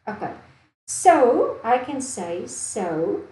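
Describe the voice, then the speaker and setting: A woman's voice: a little high, sing-song, measured pace, warm tone. A woman from Namibia teaching a maths lesson. She thinks aloud, repeats steps and keeps checking with "do you see?". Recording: echoey room with faint ambience.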